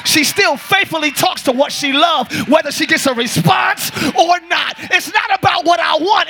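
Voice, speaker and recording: A man preaching a lively sermon as pastor to a congregation, joking and calling out to them. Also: extremely high pitch, moderate pace, creaky, hardly any pauses, noisy background. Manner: shouting, joking, calls to the congregation. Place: large church with congregation.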